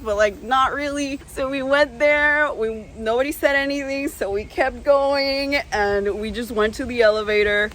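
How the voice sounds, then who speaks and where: A young woman with a slightly high voice tells an excited story for her vlog, leaning on "like" at every turn. Now and then she gasps or squeals as she replays the moment. A faint hiss sits under the recording. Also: low-quality recording. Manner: animated, squeals and gasps when acting out her past self; peppers speech with "like". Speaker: vlogger.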